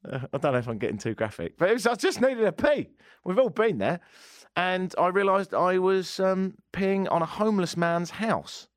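A man's voice: sits high, expressive, moderate pace, no echo, clean studio sound. Chatty English man telling a story. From England. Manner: chatty, self-mocking storyteller. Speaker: radio talk show host. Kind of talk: casual anecdote.

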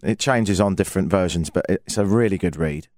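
A man's voice: deep voice, a little fast, a little mellow, no room sound. A man from England with a London accent, co-hosting a casual comedic chat and telling stories with dry jokes. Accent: London English. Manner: dry, joking storyteller. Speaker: co-host.

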